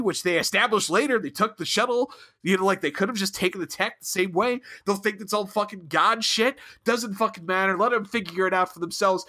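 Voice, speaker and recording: Bright-voiced man ranting with profanity. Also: sits high. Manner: profane, exasperated, mocking voices. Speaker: podcast co-host. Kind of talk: casual ranting chat.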